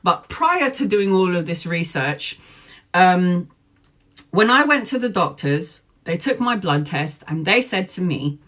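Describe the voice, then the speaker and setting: A woman's voice: fairly low pitch, expressive, measured pace, fairly bright tone. A woman talking casually on a live stream as a tarot reader, chatty and joking, laughing often. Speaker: tarot reader livestreaming to viewers.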